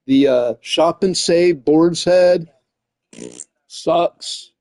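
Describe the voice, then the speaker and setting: A man's voice: a little high, extremely slow, a little mellow, dry recording, clean studio sound. A man chatting casually while streaming, rambling and swearing, often tossing in "man" and "dude". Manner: rambling, profane, says "man" and "dude" a lot. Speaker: gaming streamer.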